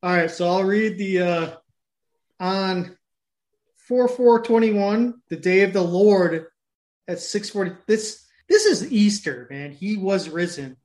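A man's voice: high voice, lively intonation, slow, a little mellow. A man with a speech impediment co-hosting a casual chat, blunt and swearing freely. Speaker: podcast co-host.

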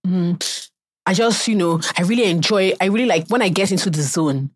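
A young Nigerian woman with a Nigerian accent co-hosting a podcast in casual chat, animated and mocking others' answers in put-on voices. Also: lowish voice, moderate pace, dry recording, studio quality. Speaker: podcast co-host.

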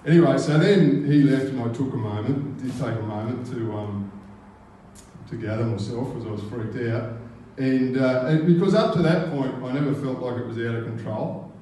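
A man's voice: medium pitch, normal speed, dark tone, a little hiss or hum. Rambling Australian man telling a story live. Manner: rambling, casual, swears freely. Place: live arts venue stage. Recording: roomy live hall from a distance.

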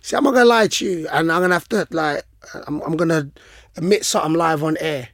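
A man co-hosts a podcast. His voice sits high and he tells stories animatedly, slipping into street slang. The sound is close and dry. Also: fast talker, dry recording. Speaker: podcast co-host. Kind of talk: casual podcast chat.

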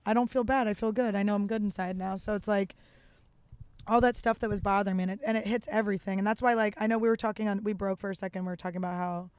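A woman sharing a heartfelt personal story in a candid, open way, with frequent fillers. Her voice is smooth and clear. It sounds dry and close, with no room around it. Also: medium pitch, steady tone, quick pace, a little mellow, no room sound. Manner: emotional and open, with many fillers. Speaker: guest.

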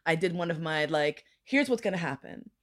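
A woman's voice: deep voice, brisk. A woman telling a bawdy story in casual chat, acting out the other people's lines and swearing freely. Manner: animated, acts out voices in quotes, swears freely. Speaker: podcast guest.

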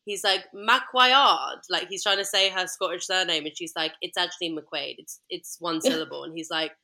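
A woman's voice: on the low side, flat delivery, a little fast, bright, forceful tone. A young woman, co-hosting a podcast and enthusiastically retelling scenes in casual chat. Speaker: podcast co-host.

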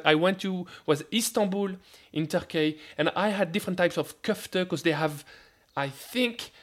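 French-accented male food scientist, high voice, lively radio guest. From France. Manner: animated, repeats words when starting sentences. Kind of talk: radio interview.

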